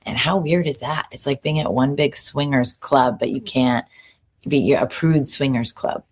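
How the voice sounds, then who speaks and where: Very low-voiced woman podcast co-host. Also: breathy edge. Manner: animated, swearing, quick asides. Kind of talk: casual pop culture recap.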